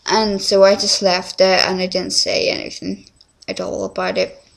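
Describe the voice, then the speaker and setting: A woman's voice: medium pitch, completely flat delivery, moderate pace, gravelly. A teenage girl, rambling through a casual confessional vlog at home, full of fillers and restarts. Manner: rambling, scattered, many fillers. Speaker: vlogger.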